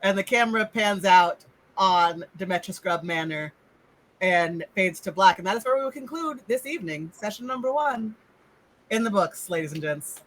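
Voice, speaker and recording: A man's voice: high voice, lively intonation, normal speed, fairly bright tone, poor audio. A man running a tabletop game as game master, narrating scenes loosely and playfully.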